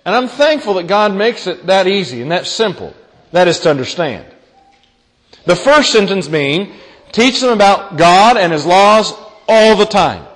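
Young male pastor, high voice, earnest preaching with repeated phrases and questions to the congregation, long reverb of a church hall. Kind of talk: sermon.

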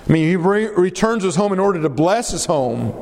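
A man's voice: high voice, expressive, brisk, darkish tone. A male preacher delivering a sermon, stretching out phrases for emphasis and asking his listeners rhetorical questions. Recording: long reverb of a hall.

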